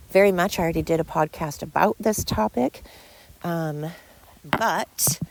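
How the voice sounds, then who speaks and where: Speaking in a low, gravelly, darkish voice, a woman delivers a casual monologue on her solo podcast. She's tired, trips over words, and rambles in a heated way.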